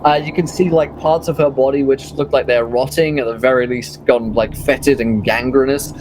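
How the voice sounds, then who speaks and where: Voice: medium pitch, steady tone, normal speed, a little mellow, a little hiss or hum, low-quality recording. A game master narrating a tabletop game, rambling with many ums and likes.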